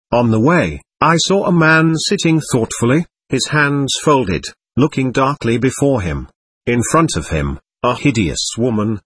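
A man reading a spiritual vision story aloud as narrator, in a solemn, measured way. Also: mid-range voice, breathy edge, dry recording. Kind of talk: scripted narration of a visionary text.

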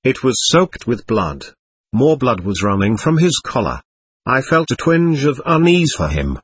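A man giving measured, vivid first-person narration of an audiobook. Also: mid-range voice, big pitch swings, slightly rough, no echo.

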